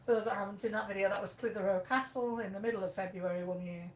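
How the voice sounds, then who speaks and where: A woman with a Yorkshire accent co-hosting a casual live stream, chatty and quick to laugh. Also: mid-range voice, fairly even intonation. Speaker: channel co-host.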